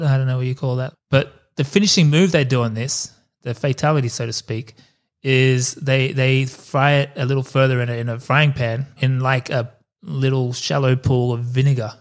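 Male podcast co-host, casual rambling storyteller, swears freely, mid pitch. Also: clean tone. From Australia. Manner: loose storytelling with swearing and asides. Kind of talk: casual chat.

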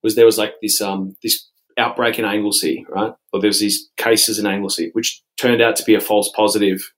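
A young Australian man with a somewhat low voice chats in a relaxed, meandering way. He stacks up "um"s, "like"s and false starts as he tells his stories. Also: a little fast, poor audio. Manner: rambling, many fillers and restarts. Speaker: podcast co-host. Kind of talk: casual chat.

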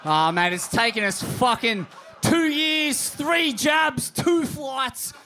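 A man with an Australian accent, co-hosting a live comedy podcast, telling profane stories and shouting the punchlines. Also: very high-pitched, animated, slow pace, background noise. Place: live show in a pub.

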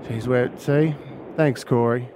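A man hosting a radio show, telling a story in an excitable way and quickly raising his voice. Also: mid-range voice, slight background noise. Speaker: radio host. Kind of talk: animated radio chat, storytelling. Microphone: studio microphone.

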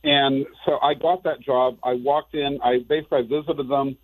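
A man's voice: mid-range voice, steady tone, moderate pace. Earnest man on a tinny phone line. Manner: earnest, rambling with restarts. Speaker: business owner guest. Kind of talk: casual panel discussion.

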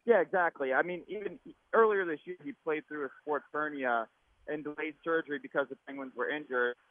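Male reporter phoning in through a mask, muffled, slightly high, tinny line. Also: fairly quick, no room sound. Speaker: sports reporter calling in. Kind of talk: casual chat. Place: at a practice rink.

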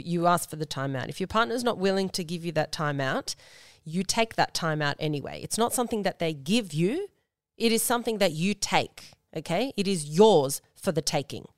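A woman's voice: fairly low pitch, no echo, studio quality. Emphatic woman, slightly nasal. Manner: emphatic, repeats points and asks "okay?". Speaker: podcast host. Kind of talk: casual advice podcast.

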